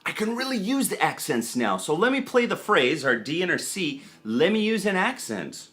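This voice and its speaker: A man's voice: sits high, very animated, normal speed, a bit bright. A man giving a casual guitar lesson, counting beats aloud as he explains rhythm and accents. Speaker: guitar teacher. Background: guitar playing.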